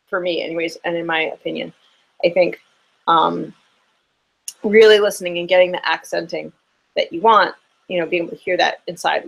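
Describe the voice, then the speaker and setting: A relaxed fiddle teacher talks through a lesson into a computer microphone. They count beats and hum rhythms while working things out aloud, at an ordinary middle pitch. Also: vocal fry, poor audio. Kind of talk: casual online lesson.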